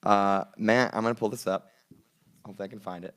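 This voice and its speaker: A man's voice: lowish voice, steady tone, quick pace, fairly bright tone. A young man co-hosting a podcast, telling rambling stories in a casual, laid-back way with crude jokes, in a studio. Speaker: podcast co-host. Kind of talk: casual chat.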